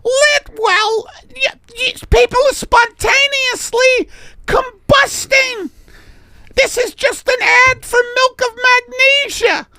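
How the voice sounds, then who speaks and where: A man's voice: takes it slowly, exaggerated voice. A man voicing a panicked woman model who shrieks and whines about the heat of the lights. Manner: shrill shouting, whiny.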